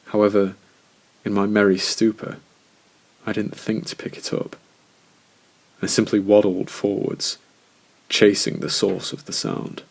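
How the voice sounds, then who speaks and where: Slow, gravelly male horror narrator. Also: on the low side, little pitch movement. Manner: slow, measured first-person storytelling.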